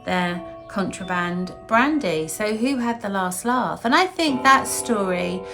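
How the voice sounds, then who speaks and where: A chatty woman tells a story in her kitchen, her voice gravelly with a little fry. She talks casually to the camera and drifts into asides and fillers as she goes. Her voice sits at an ordinary middle pitch. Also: expressive, unhurried, over music. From Wiltshire, England. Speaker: singer-songwriter host. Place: home kitchen, indoors.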